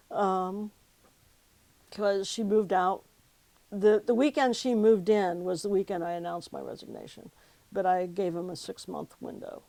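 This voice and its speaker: A woman's voice: medium pitch, gravelly, mellow, dry recording, rough recording. A woman who was once a pastor tells her life story in an oral history interview, reflective and emotional, often quoting past conversations. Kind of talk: personal storytelling.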